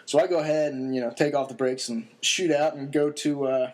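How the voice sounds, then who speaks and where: A man's voice: medium pitch, fairly even intonation, a little fast, darkish tone. A young man casually telling a long story on a podcast, laid-back and rambling, with many fillers and chuckles.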